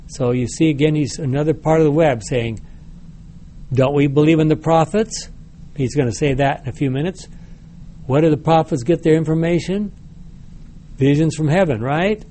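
A man's voice: on the high side, moderate pace, warm tone, slight background noise. A man teaching a Bible study class, reading scripture aloud and then explaining it with questions to the group. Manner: reads passages, then asks the group checking questions.

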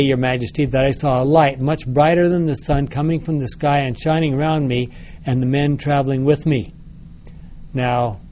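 Mellow-voiced man teaching Bible study. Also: mid-range voice, slight background noise. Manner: reads passages, then asks the group checking questions. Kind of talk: reading scripture aloud and explaining it to a class.

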